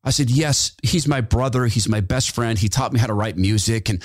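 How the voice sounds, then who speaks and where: A man hosting his own talk show, telling a personal story with lively delivery and acting out the voices of the people he quotes. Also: mid-range voice, brisk, few pauses, dry recording, clean studio sound. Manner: animated, acts out quoted voices. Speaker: radio show host. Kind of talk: storytelling monologue.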